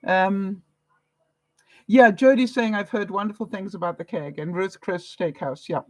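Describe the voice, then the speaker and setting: Here the Canadian vlogger speaks at a measured pace in a mid-range voice, captured in a dry, low-quality recording. She's an older woman chatting casually on her livestream, recounting conversations and laughing a lot.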